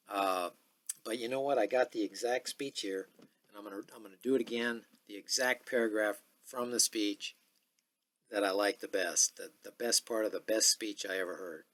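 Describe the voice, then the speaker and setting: A man's voice: on the low side, steady tone, a bit bright, dry recording. Rambling man in his sixties. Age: 60s. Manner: rambling, many filler pauses. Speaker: podcast host. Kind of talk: casual monologue.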